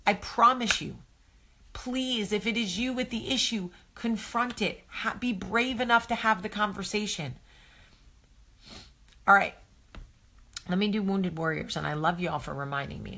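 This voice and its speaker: Woman, live-stream host, bright tense voice, chatty, effusive, reads viewer comments aloud. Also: mid-range voice, normal speed. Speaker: host of a live advice show. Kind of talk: casual live-stream chat.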